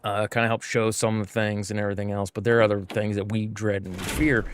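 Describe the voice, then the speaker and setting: A man's voice: lowish voice, little pitch movement, quick pace, noisy background. A male streamer telling a long story while he plays, full of fillers and "he goes" asides. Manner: rambling, with constant "he goes" and fillers. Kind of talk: casual storytelling while gaming.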